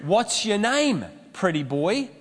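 A man's voice: high voice, big pitch swings, slow pace, big-room sound, exaggerated voice. A man voicing a nervous male burglar in a sermon story. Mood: sneaky.

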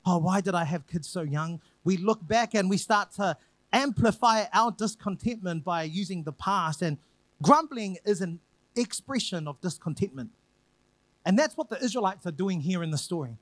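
A man preaching a sermon, retelling a scripture story with lively acted quotes and repeated phrases. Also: high-pitched, normal speed, no room sound.

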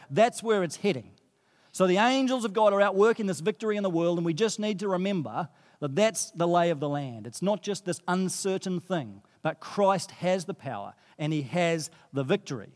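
Preacher guy with a high voice, earnest and emphatic, lots of reverb like a big hall. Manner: earnest, emphatic lists and repetition. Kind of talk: sermon.

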